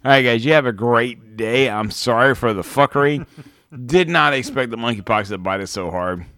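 A man's voice: mid-range voice, moderate pace, fairly bright tone, dry recording, studio quality. A man co-hosting a podcast in casual, laughing, rambling banter while drinking. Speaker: podcast co-host. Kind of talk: casual chat.

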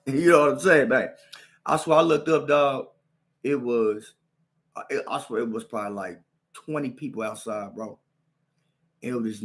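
A young man hosting a podcast, telling a story in casual chat, animated and slang-heavy, acting out punches with sound effects. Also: a little high, vocal fry. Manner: slang-heavy, repeats "you know what I'm saying". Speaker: podcast host.

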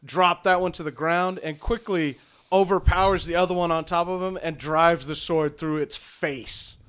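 Game master, male, slightly high voice, loose descriptive narration. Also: steady tone, normal speed, a bit bright, clear, resonant tone.

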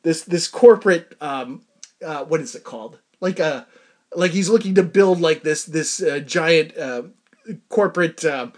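A man's voice: fairly high pitch, a little slow. A young man ranting casually and comically, exasperated and laughing often, with lots of fillers. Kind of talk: casual comedic rant.

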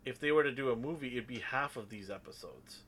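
A man's voice: medium pitch, quick pace, a bit bright, a little hiss or hum. A man hosting a casual discussion podcast, leading the talk with playful, mock-sarcastic teasing. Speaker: podcast host.

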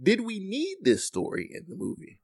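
A man's voice: sits high, normal speed, gravelly, no echo, studio quality. A man co-hosting a podcast, chatting casually about a movie and acting out lines from it. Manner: animated, acts out movie lines in quotes. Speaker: podcast co-host.

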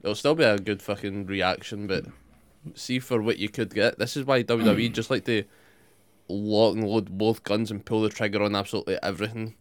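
A man's voice: fairly low pitch, fairly even intonation, a little fast, clean tone, dry recording. A young man chatting casually, blunt and sweary, full of opinions. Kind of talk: casual chat.

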